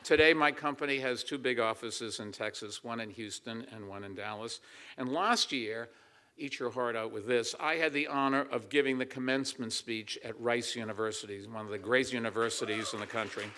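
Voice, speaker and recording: A man's voice: medium pitch, brisk, bright, forceful tone. An older man giving an emphatic campaign speech to a crowd of supporters, answering his own rhetorical questions. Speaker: political candidate. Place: assembly hall.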